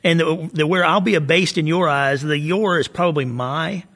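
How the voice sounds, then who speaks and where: A man's voice: fairly high pitch, moderate pace, fairly bright tone. A man with a Southern US accent discussing scripture in a casual Bible study conversation, often adding "right?" and laughing easily. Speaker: co-host of a Bible study podcast.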